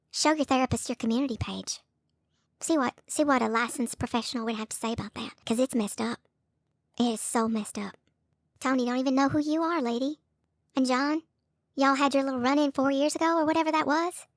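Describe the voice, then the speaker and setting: A woman scolding two people in a sarcastic call-out rant, now and then mocking them in a high put-on voice. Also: fairly even intonation, fairly quick, dry recording, clean studio sound. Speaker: YouTube commentator.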